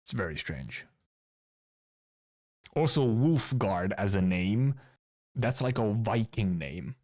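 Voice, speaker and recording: A man's voice: lowish voice, very animated, takes it slowly, darkish tone. A Finnish streamer chatting casually as he reviews game content, rambling and restarting his words. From Finland. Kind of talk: casual live-stream commentary.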